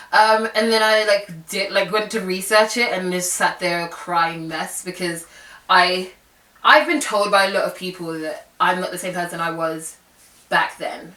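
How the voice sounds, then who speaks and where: A woman's voice: lowish voice, bright, forceful tone, distant mic. A young woman telling a candid, rambling personal story in a reflective vlog. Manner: candid, rambling, many fillers. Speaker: vlogger. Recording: roomy, away from the mic.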